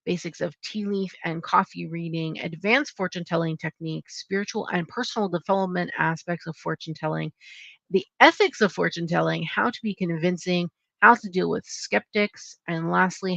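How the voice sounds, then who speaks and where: A young woman with a lowish, gravelly voice rambles casually through new book releases, full of "um" and "like." The sound is dull and lo-fi, close and dry with no room around it. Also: moderate pace, fairly bright tone, no room sound. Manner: chatty, rambling with many fillers. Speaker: channel host. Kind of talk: casual upcoming-releases review.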